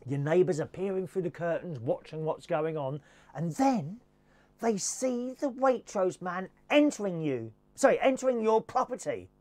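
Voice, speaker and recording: A man's voice: sits high, animated, normal speed, a little mellow. A man giving a camp, theatrical comic monologue, slipping into posh and working-class voices. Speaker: comedy presenter.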